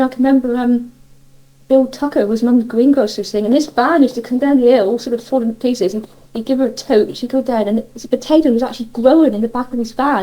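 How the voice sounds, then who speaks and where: A woman's voice: fairly high pitch, warm tone, rough recording. Chatty Cornish woman reminiscing. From Cornwall, England. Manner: chatty, rambling, frequent laughs and self-corrections. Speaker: interviewee. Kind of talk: casual reminiscing interview.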